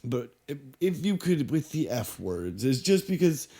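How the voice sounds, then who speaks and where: A man's voice: mid-range voice, very animated, a little slow, warm tone. A man hosting a satirical radio show in a stiff, earnest, prim persona, speaking in a studio. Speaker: satirical radio host in character. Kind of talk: deadpan comedic talk-show bit.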